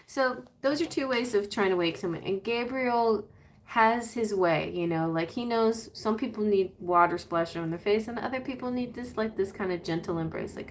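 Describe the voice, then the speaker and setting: A woman's voice: mid-range voice, moderate pace. Chatty woman giving a live tarot reading. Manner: chatty and rambling, with frequent laughs and playful sing-song voices. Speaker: tarot reader hosting a live stream.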